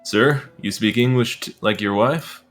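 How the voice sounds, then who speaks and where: A man voicing a polite, wry adventurer in a tabletop game, speaking loudly. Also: mid-range voice, unhurried, faint music behind, natural voice. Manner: loud, far from the mic.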